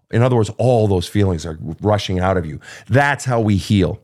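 On a live advice talk show, a man with a voice on the low side speaks at normal speed, responding to listener questions with blunt, profane emphasis. He's animated and performs emotional outbursts.

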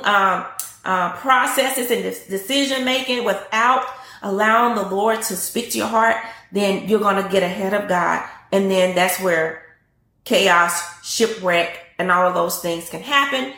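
A woman's voice: medium pitch, bright, forceful tone, reverberant. A woman preacher teaching a sermon, fervent and repetitive, quoting scripture on a live stream. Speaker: prophetess and teacher.

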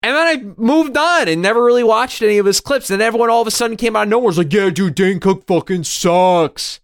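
A man's voice: extremely high pitch, very fast, vocal fry, clean tone. A man in his thirties in a rambling, swearing casual chat as a podcast co-host. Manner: rambling, swears freely, many restarts.

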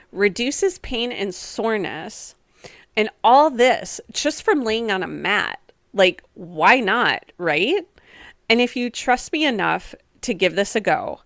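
A woman's voice: on the low side, gravelly, fairly bright tone, no room sound, studio quality. A woman hosting a solo wellness podcast, talking in an upbeat, encouraging, chatty way with casual fillers. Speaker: podcast host and wellness coach.

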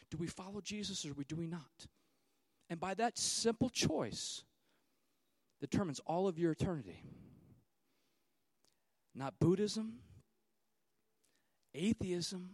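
A man in his thirties preaching a sermon, swinging between loud, fiery declarations and hushed, quiet stretches. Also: high voice, dry recording. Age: 30s. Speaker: pastor.

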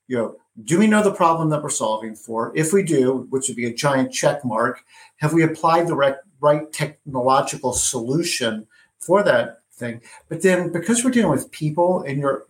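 A man hosting an interview, thinking aloud and building long questions with frequent restarts. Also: fairly high pitch. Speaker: interview host. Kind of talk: conversational interview.

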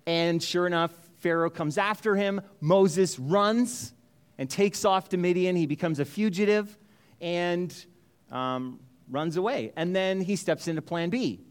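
A man's voice: sits high, a little slow, clean tone. A male pastor telling a story in a sermon, casual and joking, with many restarts.

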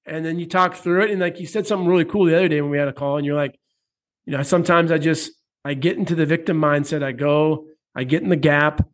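A man's voice: fairly high pitch, quick pace. An American man hosting a casual interview as a fitness coach, telling stories loosely and swearing freely. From United States. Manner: loose, profane, animated storytelling.

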